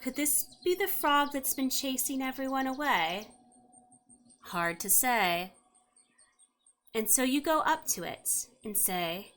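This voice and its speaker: A woman's voice: high voice, animated, takes it slowly, long pauses, a bit bright. A woman narrating a tabletop game as game master, with wry asides to the players.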